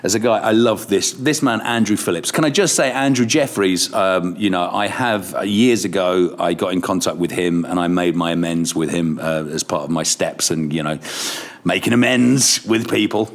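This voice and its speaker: A middle-aged man with a deep voice, a radio presenter appearing as a podcast guest, tells casual stories at a moderate pace. He's animated and self-deprecating throughout.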